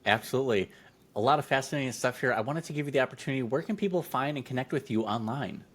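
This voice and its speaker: A man's voice: medium pitch, fast, fairly bright tone. A man hosting a podcast interview, affirming his guest and asking questions in a friendly way. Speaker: podcast host. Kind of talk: conversational interview.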